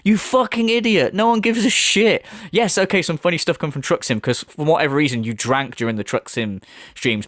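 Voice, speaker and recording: A man's voice: a little high, big pitch swings, moderate pace, a bit bright, no echo, studio quality. A man giving a sarcastic, heavily sweary commentary rant. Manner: sarcastic, swears heavily, mocks in put-on voices. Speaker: commentary video host.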